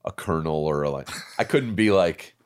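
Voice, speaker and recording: A man in his fifties, an actor guest on a podcast, telling stories in relaxed chat and swearing freely. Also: extremely low pitch, normal speed, clear, resonant tone. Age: 50s. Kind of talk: casual interview chat.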